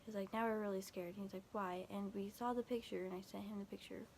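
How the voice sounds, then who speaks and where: Flat, gravelly young woman telling a story. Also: mid-range voice, quick pace, slight background noise. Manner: quotes texts with constant "I was like", "he's like"; rambling, filler-heavy, frequent restarts. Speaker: vlogger. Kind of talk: casual storytime retelling.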